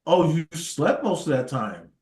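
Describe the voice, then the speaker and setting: Laid-back male host, slow delivery, bouncy pitch, playful laugh. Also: very animated, a little mellow, reverberant. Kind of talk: casual chat.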